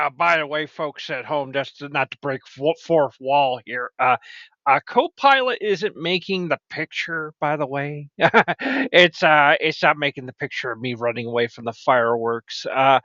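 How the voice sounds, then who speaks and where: A man's voice: normal speed, sharp tone, dry recording. Rambling, stammering jokey man, lo-fi mic. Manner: rambling, stammering, jokey, swings into high exclaims. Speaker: show host. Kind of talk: rambling comedic banter. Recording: dry, dull lo-fi mic.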